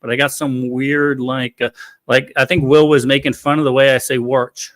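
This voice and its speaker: A man's voice: medium pitch, little pitch movement, moderate pace, fairly bright tone, no echo, clean studio sound. A man in his forties from Florida hosting a podcast in casual chat, easygoing and rambling, often laughing. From Florida, USA. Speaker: podcast host.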